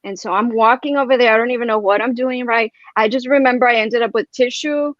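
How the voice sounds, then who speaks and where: A fairly high-voiced woman talks through a long personal story, rambling and animated, her speech full of "like" and "right?". The sound is dry and a little muffled, as if over a video call. Her tone stays casual and conversational. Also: quick pace, dry recording. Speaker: guest.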